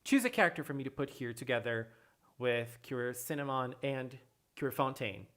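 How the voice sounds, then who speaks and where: A streamer hosting a casual livestream, chatting with viewers and answering chat in an excitable way, often repeating phrases. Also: mid-range voice, moderate pace. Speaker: livestream host reading chat.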